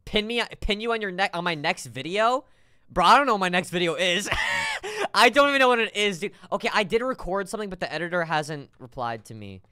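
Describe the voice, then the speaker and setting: A man streaming a game live, talking to his chat in an excitable, joking way with sudden shouts. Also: high voice, fairly quick, smooth, dry recording, clean studio sound.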